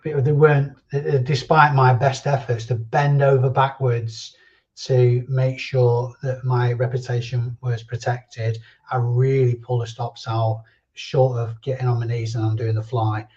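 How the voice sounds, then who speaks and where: A man's voice: mid-range voice, little pitch movement, measured pace, a little mellow. A man hosting a casual live stream chat, reading viewer comments and chatting in a rambling way. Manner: chatty, answers viewer comments and drifts between thoughts. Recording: dull lo-fi stream audio.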